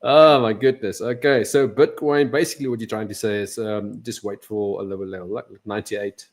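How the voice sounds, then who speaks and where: A man's voice: on the low side, steady tone, fairly quick. A man co-hosting a trading podcast, joking, laughing often and asking questions. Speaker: co-host. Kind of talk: casual podcast banter.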